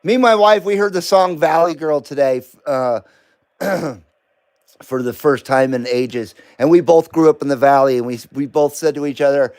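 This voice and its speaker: A man's voice: on the high side, moderate pace, a little mellow. A middle-aged man hosting a live stream, chatting casually, joking and laughing often as he reads comments.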